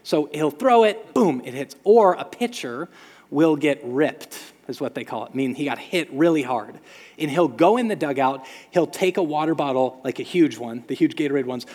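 A man preaching a sermon as pastor, telling stories with lively sound effects. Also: a little high, big-room sound. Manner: storytelling, animated with sound effects.

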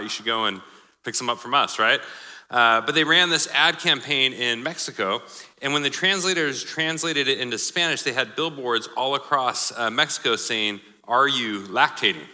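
A man's voice: medium pitch, pushed and bright. A man preaching a sermon, joking and laughing at his own examples. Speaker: pastor. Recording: live sermon in a hall with long reverb.

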